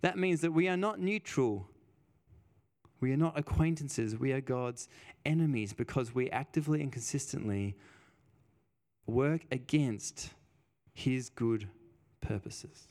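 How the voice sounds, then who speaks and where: Man preaching with a smooth, resonant voice. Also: medium pitch, measured pace, pauses often, darkish tone. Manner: emphatic, repeats phrases for weight; conversational, tells personal stories. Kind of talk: sermon.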